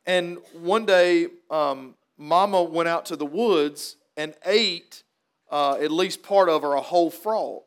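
High-voiced pastor, folksy. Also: male voice, takes it slowly. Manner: folksy, animated storytelling that turns to earnest preaching. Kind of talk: funeral sermon with storytelling.

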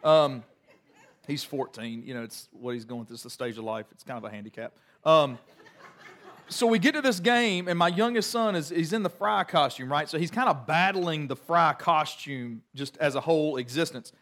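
Lively, chatty middle-aged pastor. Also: male voice, a little high, normal speed. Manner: chatty storytelling, self-deprecating, animated. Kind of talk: sermon.

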